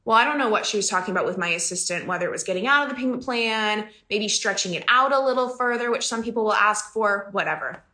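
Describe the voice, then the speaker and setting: A woman's voice: medium pitch, fast talker, hardly any pauses, bright, forceful tone. A woman business coach talking casually to her audience, chatty and emphatic, often laughing. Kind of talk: casual podcast talk. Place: home in the country.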